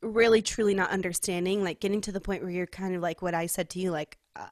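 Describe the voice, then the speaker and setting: A young woman from California, co-hosting a podcast and telling a personal story in casual, heartfelt chat, full of "like" and quick laughs. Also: on the low side, steady tone, darkish tone, no echo, studio quality. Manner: chatty storytelling, heavy use of "like", laughs often. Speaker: podcast co-host.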